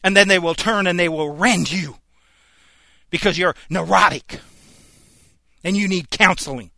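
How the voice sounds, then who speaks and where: A man's voice: high voice, a little slow, creaky, sharp tone, dry recording. A middle-aged man preaching a fiery sermon, firing off rhetorical questions and hammering the same point through repetition.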